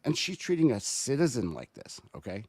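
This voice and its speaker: A man telling a story as a podcast guest, rambling and animated, with frequent restarts. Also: mid-range voice, brisk, no echo, clean studio sound. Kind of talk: casual podcast chat.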